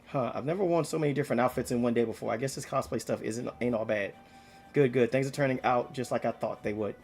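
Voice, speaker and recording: A man's voice: mid-range voice, fast talker, darkish tone, faint music behind, natural voice. A man reading game dialogue aloud, voicing a brash young female knight who swears casually and talks with swagger. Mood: cocky.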